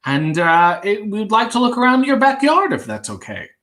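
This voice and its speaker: A man's voice: sits high, huge pitch swings, moderate pace, a bit bright, pitched above the performer's own voice, full character voice. A man voicing a mild, overly polite middle-aged male TV picker with a Canadian accent. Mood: politely mild.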